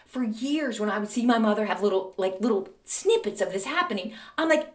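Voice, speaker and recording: A middle-aged woman, the host of a podcast, telling a story in a chatty, animated way and calling her listeners "people". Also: fairly high pitch, normal speed, few pauses. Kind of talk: casual anecdotal storytelling. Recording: echoey room.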